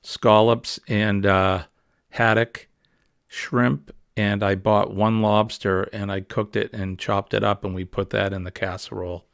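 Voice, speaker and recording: A man's voice: lowish voice, little pitch movement, a little slow, gravelly, fairly bright tone, no room sound, studio quality. A man with a New England accent hosting a casual, rambling morning livestream chat. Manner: chatty, rambling, easygoing. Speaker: livestream host.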